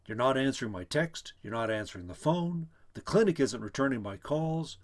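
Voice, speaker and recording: A man's voice: medium pitch, expressive, unhurried, voice pushed up. A man voicing an anxious middle-aged husband who pleads frantically on the phone. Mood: frantic.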